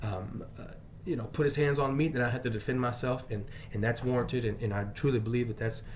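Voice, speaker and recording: A male teacher telling a personal story in an emphatic way, moving between loud bursts and quiet asides. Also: medium pitch, fairly even intonation, fast, a little hiss or hum. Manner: frequent fillers and restarts.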